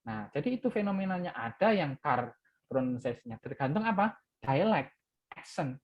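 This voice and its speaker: A man's voice: a little high, big pitch swings, quick pace. A man with an Indonesian accent giving a university lecture, switching between English and Indonesian and often tagging sentences with "ya". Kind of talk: classroom lecture. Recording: muffled lo-fi audio.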